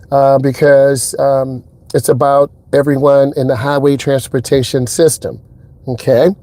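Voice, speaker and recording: Man, driving instructor, casual vlog, mid-pitched voice, dry sound, inside a car. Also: dry recording. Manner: animated storyteller, acts out quotes in a higher voice.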